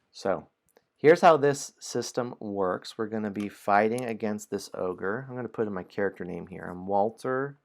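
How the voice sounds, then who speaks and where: Low-voiced man explaining a game. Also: creaky. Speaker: host of a game stream. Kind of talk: reading adventure story, explaining game rules.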